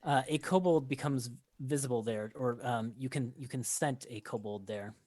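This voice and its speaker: A game master narrating a tabletop game, talking haltingly with many fillers and restarts. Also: mid-range voice, darkish tone, dry recording, studio quality.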